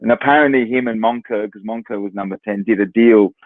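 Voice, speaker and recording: Australian man, former footballer, casual anecdotes, repeats words, lowish voice, tinny phone-like sound. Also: quick pace, no echo. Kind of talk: casual storytelling.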